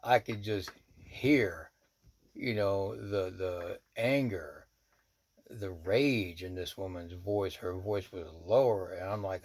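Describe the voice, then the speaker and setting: A man, a shaman, telling a personal story in a blunt, profane, animated way. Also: sits low, slow.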